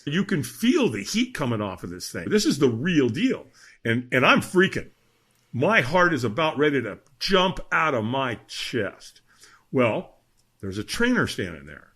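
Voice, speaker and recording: A man's voice: mid-range voice, husky. A middle-aged man, a podcast guest, telling a story with energy and acting out the voices of the people in it. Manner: lively, acts out voices in his story. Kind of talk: animated storytelling.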